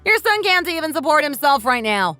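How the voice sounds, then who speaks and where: A woman voicing a fed-up, sharp-tongued daughter-in-law who fires back with sarcastic, cutting remarks, in a dramatized text-story reading. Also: high-pitched, very animated, brisk, no room sound, faint music behind, heavily acted.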